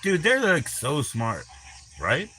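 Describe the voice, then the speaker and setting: Male streamer, bright edgy voice, rambling and foul-mouthed, teases his viewers off the cuff. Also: a little high, wildly swooping pitch, slow pace, slight background noise. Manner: crude, rambling, teasing, swears constantly. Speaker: livestream host. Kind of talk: rambling live-stream chat.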